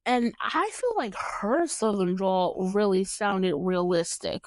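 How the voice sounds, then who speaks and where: A woman's voice: mid-range voice, very animated, takes it slowly, no room sound, studio quality. A young woman from New York hosting a podcast, chatting casually and animatedly, laughing often and swearing freely. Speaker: podcast host. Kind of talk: casual chat.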